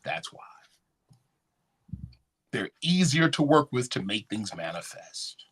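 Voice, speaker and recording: A man with a mid-range, slightly breathy voice speaks at a normal pace, lecturing from slides in a conference hall. He's animated as a conference speaker and keeps checking in with the audience through call-and-response questions.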